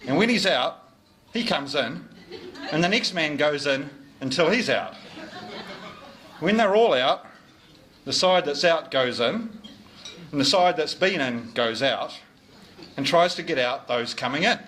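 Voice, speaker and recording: This middle-aged man from New Zealand, the club sergeant collecting fines, delivers a jovial, teasing after-dinner speech in a club lunch dining room. His fairly bright, higher voice is animated, with a measured pace and long pauses, over a little hiss or hum.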